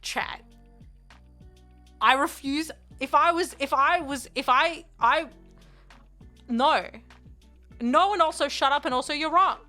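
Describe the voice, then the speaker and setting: Young female streamer, high and bright, rambling and laughing, bursts of playful shouting. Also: takes it slowly, pauses often. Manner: giggly, rambling, bursts into loud playful yelling. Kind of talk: casual live-stream chat with viewers. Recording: faint music behind.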